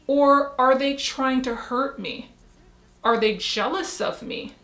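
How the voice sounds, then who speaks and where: A woman's voice: high voice, slow, fairly bright tone. Reflective woman vlogger, roomy echo. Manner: reflective storytelling, self-talk asides. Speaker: YouTuber. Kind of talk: casual talk to camera.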